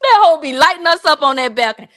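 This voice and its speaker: High-voiced woman ranting on a livestream. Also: animated, pushed and bright. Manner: profane, mocking, drawn-out repetitions. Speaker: livestream host. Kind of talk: casual livestream rant.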